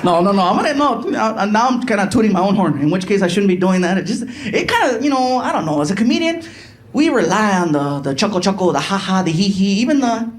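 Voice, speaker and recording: Animated high-voiced stand-up comedian. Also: male voice, fast talker, slight background noise. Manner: animated, chatty, ribs the audience. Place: live comedy stage.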